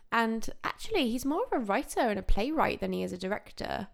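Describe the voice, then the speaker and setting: A woman's voice: fairly high pitch, sing-song, fairly quick, gravelly, hardly any pauses. A young woman co-hosting a film podcast in casual, chatty talk, laughing often. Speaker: podcast co-host. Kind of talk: casual chat.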